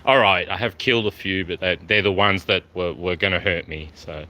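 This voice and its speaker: A man's voice: low-pitched, fairly quick, pushed and bright. A man talking to camera in a rambling monologue, offhand and jumping from topic to topic. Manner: meandering, offhand, jumps between topics.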